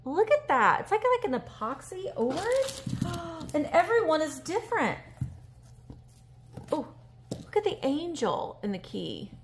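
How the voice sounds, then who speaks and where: A woman, chatting casually on a handheld phone vlog as she reads fan mail and opens a gift, emotional and gushing with breathy gasps. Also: high-pitched, big pitch swings, measured pace, pauses often, slight background noise. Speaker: vintage reseller vlogger. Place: indoors at a table. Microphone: handheld phone camera.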